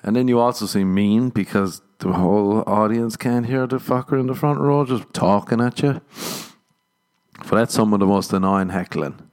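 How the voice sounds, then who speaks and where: Deep-voiced male comic, swearing and exasperated in an off-the-cuff rant. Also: normal speed, a little mellow, smooth. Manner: profane, exasperated, sarcastic. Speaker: stand-up comedian. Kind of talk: casual ranting monologue.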